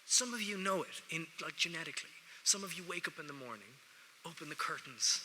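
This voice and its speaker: A man's voice: a little high, expressive, brisk, sharp tone, a little hiss or hum. An Irish man giving a joking, wry speech to students at an award ceremony, talking straight to the audience from a lectern. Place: large ceremony hall. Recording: echoey large hall.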